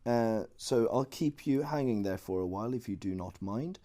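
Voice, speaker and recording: A man's voice: mid-range voice, expressive, mellow. Playful male teacher. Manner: playful, joking asides while explaining slowly. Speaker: Chinese language teacher. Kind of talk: online language lesson.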